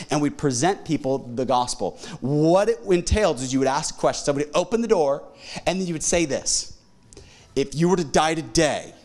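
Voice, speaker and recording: A middle-aged man preaching a sermon as pastor in a church auditorium, talking in an animated way and jumping into quoted voices. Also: a little high.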